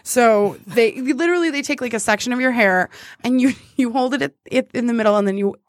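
A chatty young woman talking casually and laughing often, her voice sitting a little high. The sound is dry and close, with no room around it. She rambles and restarts her sentences as she goes. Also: a little fast, no echo. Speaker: co-host. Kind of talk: casual chat.

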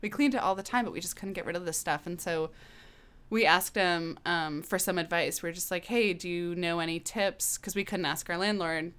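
Candid woman with a smooth, low voice. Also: brisk. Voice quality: candid, animated, swears casually. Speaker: guest. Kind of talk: casual storytelling.

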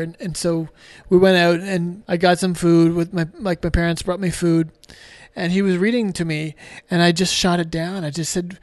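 Emotional man with a higher voice, dry sound. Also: fairly even intonation, darkish tone, dry recording. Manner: emotional, halting, frequent restarts and fillers; swears casually. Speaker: podcast guest. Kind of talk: candid conversational storytelling.

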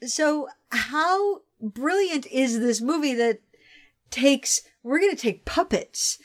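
A woman's voice: high-pitched, lively intonation, slow pace. A young adult woman co-hosting a casual film chat, enthusiastic and swearing casually. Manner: enthusiastic, swears casually, acts out movie bits. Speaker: podcast co-host.

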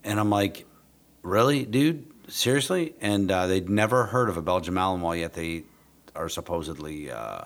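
Deep-voiced laid-back podcast host. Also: male voice, moderate pace. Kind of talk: casual podcast chat.

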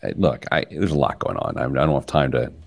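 A man's voice: very deep voice, fairly quick, creaky. A man hosting a personal finance radio show, chatting casually and joking at his own expense. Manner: self-deprecating, animated and joking. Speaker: podcast host, financial planner.

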